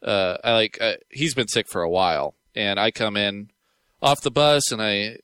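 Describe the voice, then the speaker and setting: A man's voice: lowish voice, normal speed, a bit bright, smooth, no echo. A man co-hosting a podcast, chatting casually and telling stories with frequent laughter. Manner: chatty storyteller, laughing often. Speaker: podcast co-host.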